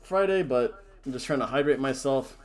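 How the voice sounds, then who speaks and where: A man hosts a casual wrestling predictions chat, jokey and theatrical, hamming up the wrestler introductions. He has a medium-pitched voice and a moderate pace.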